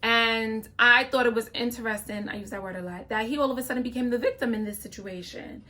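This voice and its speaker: A woman's voice: on the high side, a little fast, bright, forceful tone. A young adult woman hosting a reality-show reaction video, giving opinionated casual commentary straight to her viewers. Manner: opinionated, talks straight to viewers, frequent "okay?" asides.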